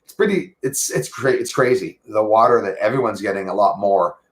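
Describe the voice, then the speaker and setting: Low-voiced man hosting a halting livestream. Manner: halting, full of fillers and restarts; earnest, thankful tone. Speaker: livestream host. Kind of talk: casual livestream chat with viewers.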